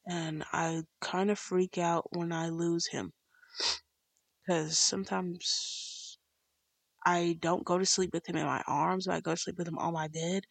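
A woman's voice: mid-range voice, dry recording. A young adult woman vlogger chatting casually to her followers in a rambling way, with many fillers and restarts. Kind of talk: casual chat to camera.

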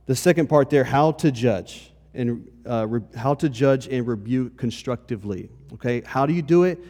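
In a church hall with long reverb, a pastor delivers a conversational sermon in a medium-pitched, a little mellow voice at a moderate pace. He keeps checking in with his congregation by asking "okay?"

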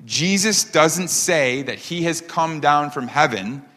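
A man's voice: fairly high pitch, expressive, bright, forceful tone. Emphatic male preacher in a reverberant hall. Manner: emphatic, rhetorical questions, slows down on key phrases. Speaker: pastor. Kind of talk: sermon.

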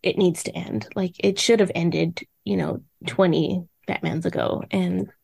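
A woman's voice: fairly low pitch, steady tone, unhurried, gravelly, a little mellow, breathy edge, no echo, clean studio sound. A woman hosting a podcast, chatting casually with lots of filler words and giggles. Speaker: podcast host. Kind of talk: casual chat.

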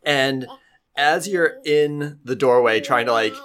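A woman narrating as game master of a tabletop game, in a relaxed way with fillers and hedges. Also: rumbling low, takes it slowly.

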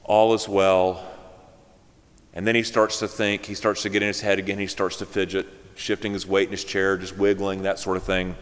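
A man's voice: deep voice, little pitch movement, a little fast, hardly any pauses, fairly bright tone. A male pastor delivering a sermon, telling a joke story and then speaking earnestly. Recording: long hall reverb.

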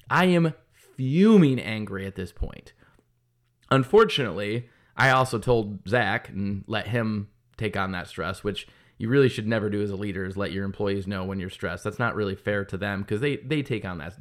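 In a low-leaning, slightly bright voice at a moderate pace, a business owner launching a kart track rants casually through a frustrating story. The monologue is heated and full of swearing.

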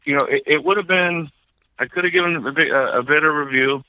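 A man co-hosting a podcast, chatting casually in a halting, rambling way with lots of swearing. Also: on the high side, dry recording, muffled recording. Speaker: podcast co-host. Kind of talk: casual chat.

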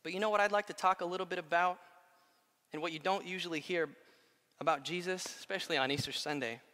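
Male pastor preaching in a big hall with long reverb, high and bright-toned. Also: fast. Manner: animated, swings from quiet to loud. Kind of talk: sermon.

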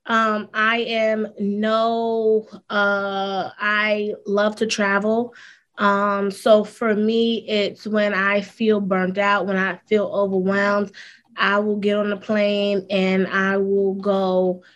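A woman's voice: mid-range voice, slow pace, highs cut off. A woman, a school counselor, talking candidly and with energy as a guest in a casual interview. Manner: candid, animated storytelling with fillers.

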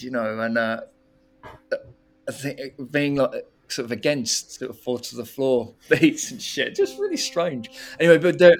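Man, casual storytelling, rambling and sweary, faint guitar music behind. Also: mid-range voice. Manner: rambling, swearing, laughing, animated when retelling. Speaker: musician recalling past workshop.

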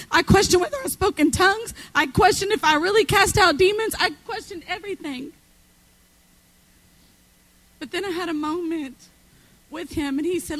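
A woman's voice: extremely high pitch, poor audio. A woman guest preacher delivering a sermon with passionate, emphatic repetition.

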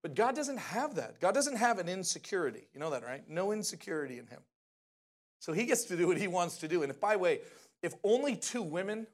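A man delivering a casual, conversational sermon with a voice a bit higher than most men's. He talks in an animated way and keeps asking his listeners questions. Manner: animated, often asks the audience questions. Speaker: preacher.

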